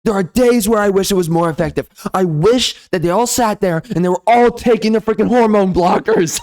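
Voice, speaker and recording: A man delivering a loud, sneering, profane comedy rant as a game reviewer. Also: high-pitched, a little fast, hardly any pauses. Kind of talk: ranting comedy commentary.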